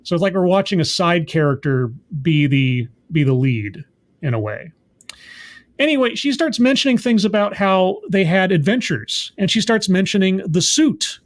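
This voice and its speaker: Brief: male reviewer with a fairly high voice, casual recap, hesitant and thinking aloud. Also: big pitch swings, normal speed. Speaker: show reviewer.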